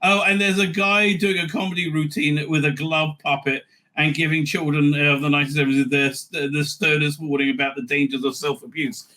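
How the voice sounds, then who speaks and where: A fairly high-pitched man speaking at a moderate pace hosts a review show. He gives animated, opinionated commentary, full of fillers and restarts, with sarcastic asides sprinkled throughout.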